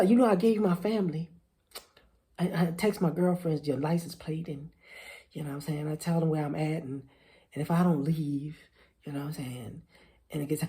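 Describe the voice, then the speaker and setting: A man's voice: on the high side, steady tone, normal speed, warm tone. A man delivering an indignant casual monologue, repeating words as he builds his point. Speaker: commentator.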